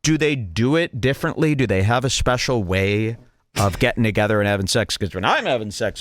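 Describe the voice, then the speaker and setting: A man hosting a podcast, giving sarcastic, animated commentary on a comedy clip. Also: medium pitch, brisk. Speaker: podcast host.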